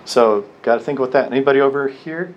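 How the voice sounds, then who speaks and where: A man leading a prayer workshop with a group, talking conversationally, with restarts and slow emphasis. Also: medium pitch, muffled recording, slight background noise. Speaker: workshop leader. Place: meeting room with a group.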